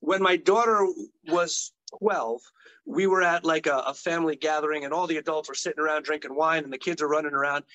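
A middle-aged man, an occupational therapist and guest, telling stories in an animated, enthusiastic conversational way. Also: fairly high pitch, brisk, muffled recording. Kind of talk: conversational interview storytelling.

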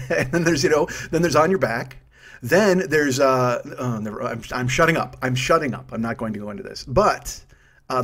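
A man in his fifties hosting a solo comedy podcast, profane and self-mocking, wandering off on tangents. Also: medium pitch. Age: 50s. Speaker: podcast host.

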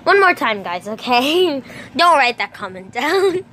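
Lively high-voiced woman vlogging outdoors. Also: slow pace. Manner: excitable, playful sound effects, sudden yelps. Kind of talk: casual vlog commentary. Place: outdoors in a storm. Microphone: phone. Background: thunder and rain noise.

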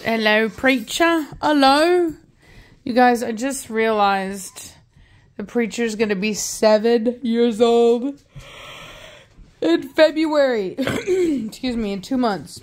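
A woman's voice: fairly high pitch, slow. A woman hosting a casual vlog by the fire, slipping into affectionate baby talk with her puppies. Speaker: dog breeder and channel host. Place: indoors by a fire. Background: dogs.

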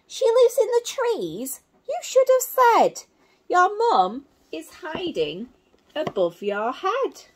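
Giving a full character voice pitched above her own, a woman plays an eager, helpful little butterfly in a storybook, chirpy and confident. She sounds very high-pitched with huge pitch swings, taking it slowly.

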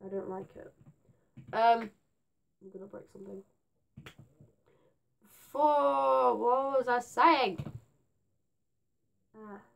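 A teenage girl, rambling to camera in her bedroom; her voice is going hoarse, and she is scatterbrained and jumpy. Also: a little high, takes it slowly, pauses often. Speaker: gaming vlogger. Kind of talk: rambling casual vlog to camera.

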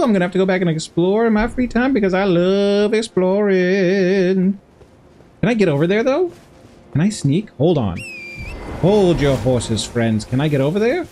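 A man's voice: high voice, darkish tone. Playful, giggly gaming streamer man. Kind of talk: live let's-play commentary.

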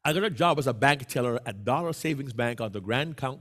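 A Jamaican man with a Jamaican accent runs an interactive speaking workshop in a meeting room, with part of the audience joining online. His mid-range voice is lively in intonation, brisk, a bit bright, and hardly pauses as he coaxes answers from the audience.

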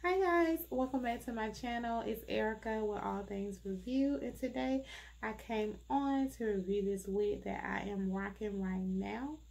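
Vocal fry colors this woman's medium-pitched voice as she reviews wigs on her casual vlog, with background noise behind her. She sounds congested through the nose and speaks in a leisurely, chatty way packed with fillers.

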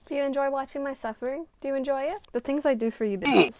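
A woman's voice: high-pitched, quick pace, a little mellow. A woman vlogging casually from her bedroom as she works on a craft project. She mutters to herself, runs herself down and swears freely. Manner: self-deprecating, swearing, muttering to herself while working.

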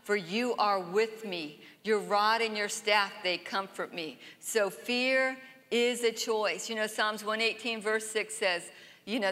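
A woman's voice: mid-range voice, takes it slowly, fairly bright tone. A woman preaching a sermon in a church, emphatic, often asking "Amen?" and having the congregation repeat verses after her. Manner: emphatic, repeats lines and has the crowd say them back. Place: church sanctuary. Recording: church hall with long reverb.

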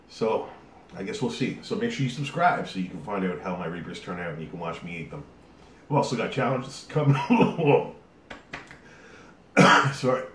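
Sweating after eating a hot pepper, a low-voiced man hosting a YouTube video chats casually to the camera, rambling with plenty of fillers. He's recorded from a distance in a roomy space, so there's echo, off-mic sound and a faint hiss.

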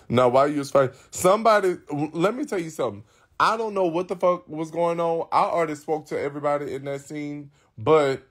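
A man hosting a live stream, talking casually to his viewers in a blunt, profane and rambling way. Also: a little high.

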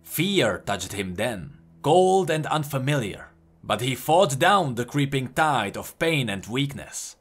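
A man from the Czech Republic reading a dark fantasy tale with animated, sweeping intonation. His voice sits a touch high. Faint music plays behind him. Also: measured pace, slightly rough. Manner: expressive, animated. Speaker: lore narrator. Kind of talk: dramatic story reading. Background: faint background music.

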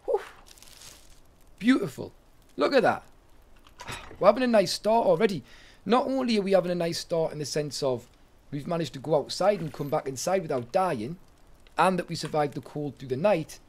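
Gamer guy, somewhat high voice, chatty and jokey, live let's-play commentary. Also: lively intonation, moderate pace, pauses often, a little mellow. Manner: chatty, jokey, talks to himself and chat. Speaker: gaming streamer.

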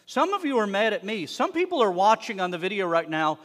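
A man preaching a sermon to his congregation, animated, swinging between loud emphasis and hushed asides. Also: high voice, a little fast. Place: synagogue sanctuary. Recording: long reverb of a worship hall.

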